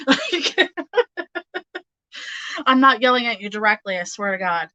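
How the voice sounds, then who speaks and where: Woman tarot reader, unhurried, chatty, lots of fillers, dry close sound. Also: fairly high pitch, big pitch swings, pushed and bright, no room sound, faint music behind, low-quality recording. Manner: chatty, frequent fillers, laughs often. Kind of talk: casual tarot reading.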